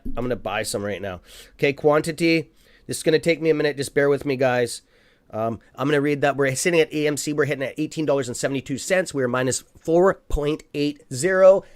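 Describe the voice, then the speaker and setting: A man hosting a live stock-trading stream who talks excitedly as he buys shares, then mutters and swears at his trading app. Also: medium pitch, no echo. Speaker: stock trading livestream host. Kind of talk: live market commentary.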